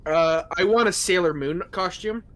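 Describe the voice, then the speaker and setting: A man's voice: sits high, moderate pace, a bit bright, no room sound. A man chatting casually with friends, teasing and laughing. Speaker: player. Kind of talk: casual chat.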